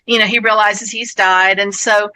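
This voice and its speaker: A woman's voice: medium pitch, little pitch movement, moderate pace, no echo, poor audio. A woman on a convention panel, chatting and retelling stories with feeling and plenty of ums. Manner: chatty, retells stories with warmth and many fillers.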